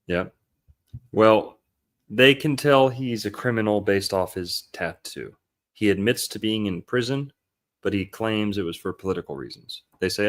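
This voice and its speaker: A man with a fairly low voice hosts a casual podcast, picking a film apart. He rambles, swears freely and drops into the lines he quotes. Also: moderate pace, a bit bright. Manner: rambling, loose and profane, acts out quotes. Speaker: podcast host. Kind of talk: casual film-analysis chat.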